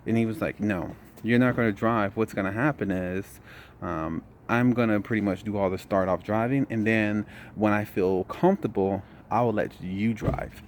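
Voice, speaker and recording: Tired young guy telling his trucking story, lowish voice, bit of faint hiss behind. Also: normal speed. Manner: relaxed storytelling, says "man" a lot. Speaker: trucking vlogger. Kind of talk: casual vlog update.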